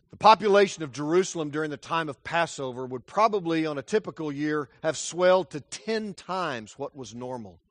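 Brief: a man delivering a sermon in a high, dry voice with dramatic swings from loud to hushed. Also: dry recording. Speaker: preacher.

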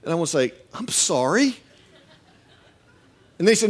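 A middle-aged male pastor preaching a sermon, animated and acting out quoted voices with humor. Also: high-pitched, moderate pace, long pauses.

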